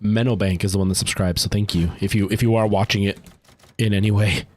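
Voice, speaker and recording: A man's voice: on the low side, fairly even intonation, fast. A man streaming a game live, anxious and jumpy, talking to himself and sometimes dropping to a nervous whisper. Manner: anxious, jumpy, talks to himself under stress. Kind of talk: live gameplay commentary.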